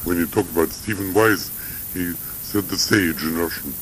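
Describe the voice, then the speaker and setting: An older man with a very low voice talks through his memories in an interview, hesitating and drifting off on side paths. A faint tape hiss runs under the archival recording. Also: moderate pace, fairly bright tone, rough recording. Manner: rambling, hesitant, digressive reminiscing.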